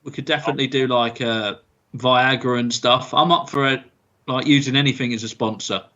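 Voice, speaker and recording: A man's voice: mid-range voice, fairly even intonation, fairly quick, sharp tone, muffled recording. A man co-hosting a comedy podcast, rambling eagerly with stumbling restarts. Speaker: co-host. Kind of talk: bantering comedy podcast chat.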